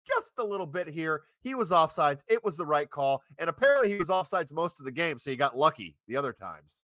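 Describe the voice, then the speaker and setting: A man co-hosting a sports podcast, pushing back in lively banter. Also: a little high, brisk, no room sound. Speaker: podcast co-host.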